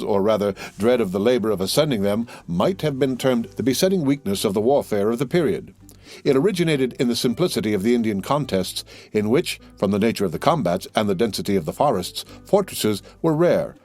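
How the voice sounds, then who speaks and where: A man reading a classic adventure novel aloud as an audiobook narrator, in a steady, measured way. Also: on the low side, soft background music. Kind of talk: scripted narration.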